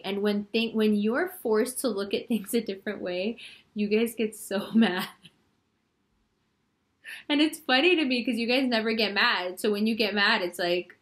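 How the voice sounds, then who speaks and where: Chatty woman giving a tarot reading. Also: fairly high pitch. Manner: chatty and rambling, heavy use of "like"; playful, teasing. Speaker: tarot reader. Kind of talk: casual astrology reading.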